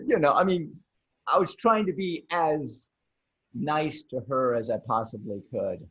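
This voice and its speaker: A man hosting a casual chat over a video call, rambling with lots of restarts and animated bursts. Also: medium pitch, unhurried, breathy edge. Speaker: podcast host. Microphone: video call mic. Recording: dull lo-fi video call audio.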